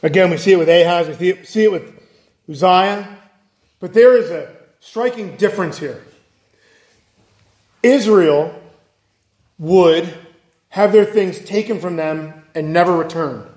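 In an echoing church hall, a man preaches in a high, darkish-toned voice, unhurried and with long pauses. He is earnest and emphatic, making heavy use of repetition and rhetorical questions.

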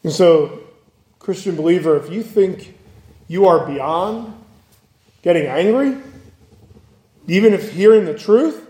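Male preacher, high voice, earnest, acts out quotes, echoey church hall. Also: lively intonation, takes it slowly, pauses often, dark tone. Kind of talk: sermon. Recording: echoey room.

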